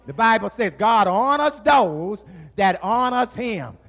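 A man preaching a sermon, building to shouted, drawn-out phrases. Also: very high voice, animated.

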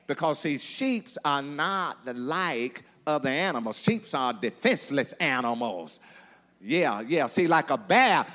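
A male preacher with a higher-pitched voice, swooping up and down as he calls out to his congregation and repeats phrases in a rolling, rhythmic delivery. His words hang in the long echo of a hall. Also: fairly bright tone. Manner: call-and-response preaching with rhythmic repetition. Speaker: pastor. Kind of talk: sermon.

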